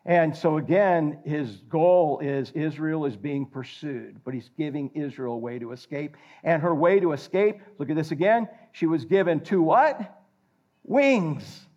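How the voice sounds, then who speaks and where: An older man preaching a sermon, animated and jokey, quizzing the congregation. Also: on the high side, a little slow. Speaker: pastor. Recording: slightly dull lo-fi recording.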